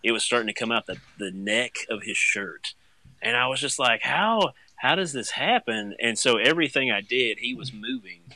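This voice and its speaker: A young man, a stay-at-home dad, telling a funny story in casual chat, getting animated and jumping high when he acts out his own panic. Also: fairly quick, no room sound.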